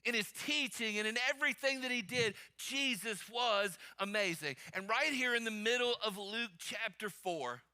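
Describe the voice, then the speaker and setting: A male pastor preaching a sermon emphatically, calling on the congregation to answer out loud. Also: high-pitched, moderate pace, few pauses. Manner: emphatic, calls for congregation responses.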